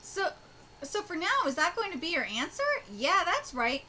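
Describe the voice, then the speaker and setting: A woman streaming a live manga reaction, reading aloud and talking excitably, swearing and stammering as she goes. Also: very high-pitched, normal speed, rough recording. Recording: steady background noise.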